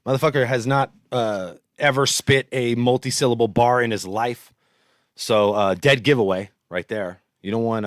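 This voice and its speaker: A man's voice: mid-range voice, normal speed, no echo, studio quality. A man in his thirties from San Jose, California, giving blunt, profanity-heavy casual commentary on battle rap. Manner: blunt, profane, trash-talking.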